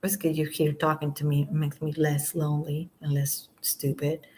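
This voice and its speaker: Alone at home at night, a woman rambles on a casual late-night live stream, talking to viewers and trailing off softly. Her low voice shows little pitch movement at a moderate pace, picked up by a camera mic with poor audio.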